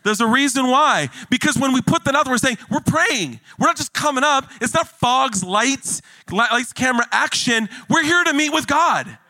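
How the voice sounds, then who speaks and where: Male pastor with a high, bright voice, animated jokey sermon delivery, dry close sound. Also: moderate pace, hardly any pauses, dry recording. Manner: animated, jokey preaching with rising emphasis.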